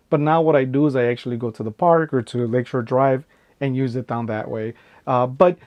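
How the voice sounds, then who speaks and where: A man's voice: medium pitch, a little mellow. Rambling man, tech vlog. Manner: rambling, repeats filler phrases, frequent "right?" tags. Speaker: tech vlogger. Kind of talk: casual unboxing vlog.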